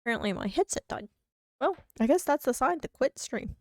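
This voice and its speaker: Gravelly-voiced woman streamer chatting. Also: sits high, animated, a little fast, no room sound, studio quality. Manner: rambling, mock-whiny, self-deprecating. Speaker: game streamer. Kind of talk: casual live-stream chat. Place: home.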